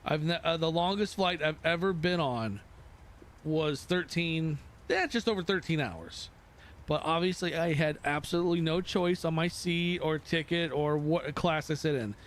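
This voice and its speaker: Man, flight sim streamer, casual rambling chat, self-mocking, slightly high voice.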